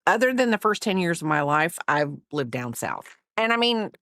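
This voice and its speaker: A woman's voice: on the low side, sing-song, moderate pace, fairly bright tone. A woman hosting a crafting livestream, rambling and chatty, often apologizing for herself. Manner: rambling, chatty, self-deprecating. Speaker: livestream host. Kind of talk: casual livestream chat. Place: home, crafting while streaming.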